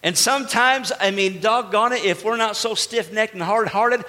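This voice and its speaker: A man's voice: sits high, moderate pace, pushed and bright. A man preaching a sermon as pastor, speaking emphatically and putting rhetorical questions to the congregation. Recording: long reverb of a large hall.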